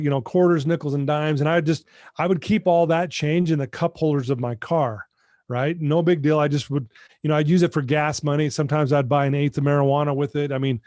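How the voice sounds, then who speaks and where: A middle-aged man with a slightly higher voice than most men tells a personal story as a podcast guest. His manner is earnest and heartfelt, and he often turns to speak straight to the host. The sound is dry and close, with almost no room in it. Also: a little mellow, no room sound. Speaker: guest, addiction recovery mentor.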